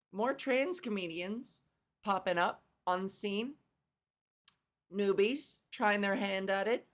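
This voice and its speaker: A woman hosting her own solo comedy podcast, talking casually from home into a microphone, rambling, self-deprecating and swearing freely. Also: mid-range voice. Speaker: podcast host and stand-up comedian.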